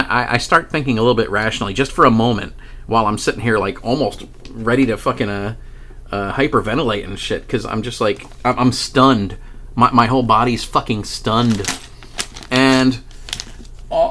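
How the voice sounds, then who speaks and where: A man with a voice of ordinary pitch recounts a paranormal experience in a loose, casual monologue. He rambles, swears freely, restarts his sentences and laughs now and then as he talks. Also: moderate pace, pushed and bright. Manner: rambling and profane, with many restarts and chuckles. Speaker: paranormal vlogger.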